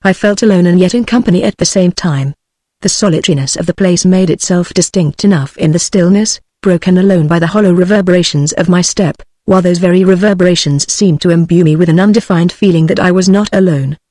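Woman, British English accent, synthetic audiobook voice, even and measured, very dry sound. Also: on the low side, no room sound. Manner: even, measured text-to-speech delivery. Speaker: audiobook narrator.

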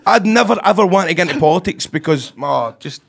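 A man's voice: sits high, fast talker, gravelly, husky. A young Scottish man co-hosting a football podcast, talking in casual banter with a lot of laughter and swearing. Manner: animated, sweary, laughs often. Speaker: podcast co-host.

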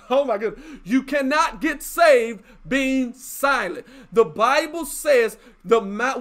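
A male pastor preaching a sermon to a livestream, emphatic, repeating key phrases and rising at times to shouts. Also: very high voice.

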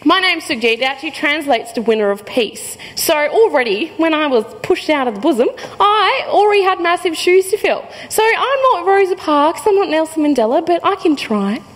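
A young woman with an Australian accent performs spoken word poetry in a high, bright register. Her delivery is rhythmic and punchy, and she leans on the rhymes and jokes with the crowd between lines. The sound carries a long hall reverb. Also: very animated, moderate pace, few pauses. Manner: playful banter with the crowd. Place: hall before a live audience.

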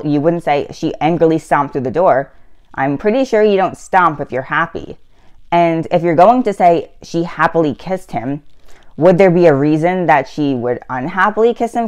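A woman giving a casual lesson on writing, explaining with chatty asides and self-corrections. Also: low-pitched. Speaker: writing tutor.

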